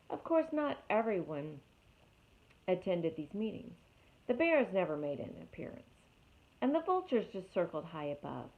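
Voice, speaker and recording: A woman reading a storybook aloud in an expressive way, speaking directly to young listeners as a teacher. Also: mid-range voice. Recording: tinny phone-like audio.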